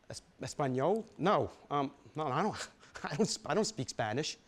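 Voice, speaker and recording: A man from Brooklyn, reading a personal story aloud in an animated, profane, conversational way. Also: mid-range voice, normal speed.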